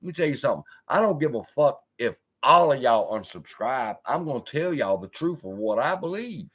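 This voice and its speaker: A man's voice: medium pitch, big pitch swings, normal speed, fairly bright tone. A man hosting a live investing stream, talking in a blunt, profane, storytelling way. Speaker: investing channel host.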